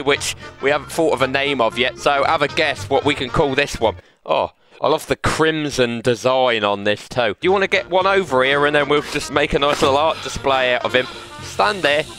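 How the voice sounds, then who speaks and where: A man hosting a VR gaming video, talking in a brash, laddish banter full of mock threats. His voice sits a little high for a man. Loud music plays behind him. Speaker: gaming channel host. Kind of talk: playful VR gameplay commentary. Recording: gameplay audio with loud music.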